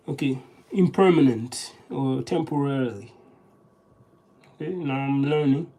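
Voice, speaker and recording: Slow, mellow, halting thinking-aloud voice. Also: medium pitch, rough recording. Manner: halting, with frequent restarts and sounding out words. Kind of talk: casual solo monologue, reading aloud and practicing vocabulary.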